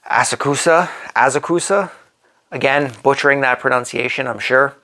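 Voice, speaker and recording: A man's voice: mid-range voice, bright, forceful tone, clean tone. A man hosting a board game channel, talking himself through a solo playthrough as he places pieces. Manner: slow, thinking aloud while placing pieces.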